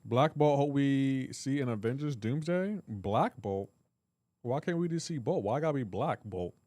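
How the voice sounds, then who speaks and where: A man's voice: mid-range voice, expressive, normal speed, warm tone, no echo. A man hosting a live game stream, chatting casually and joking while reading and answering chat messages. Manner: joking, reads chat aloud.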